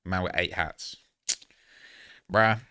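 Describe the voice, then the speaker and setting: A man's voice: deep voice, slow, bright, forceful tone, clear, resonant tone. Scornful blunt man reacting. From California. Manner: blunt, scornful, swears a lot. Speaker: reaction commentator. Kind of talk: reaction commentary.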